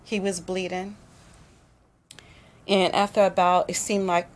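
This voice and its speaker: A woman's voice: on the low side, little pitch movement, a little slow. A woman guest on a gospel talk show, giving an emphatic personal testimony and repeating phrases for weight. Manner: emphatic, repetitive storytelling.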